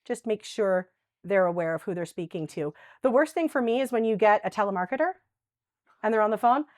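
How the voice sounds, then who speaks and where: A woman's voice: mid-range voice, animated, brisk, no echo, studio quality. A woman presenting a live dementia workshop, chatty and conversational, often checking in with "right?". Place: workshop room with a live audience.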